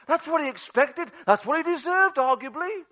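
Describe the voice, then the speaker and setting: A man preaching a sermon, swinging dramatically between loud outbursts and hushed, low passages. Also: animated, moderate pace. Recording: dull lo-fi audio.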